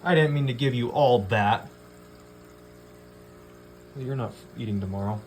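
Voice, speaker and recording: A man's voice: medium pitch, a little slow, darkish tone, slight background noise. A man casually vlogging at home by his aquariums, rambling, swearing offhandedly and talking to his fish. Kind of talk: casual vlog chat.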